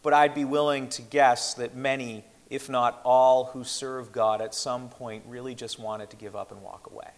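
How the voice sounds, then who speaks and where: Male preacher, mid-pitched, earnest and measured delivery, long hall reverb. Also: steady tone. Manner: earnest, measured, with slowed emphatic quotations. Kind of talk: sermon.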